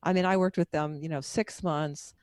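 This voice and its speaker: A woman's voice: low voice, fairly even intonation, normal speed, darkish tone, clean tone, no room sound, studio quality. A middle-aged woman being interviewed as a guest author and coach, telling her story in a candid, personal, wandering way.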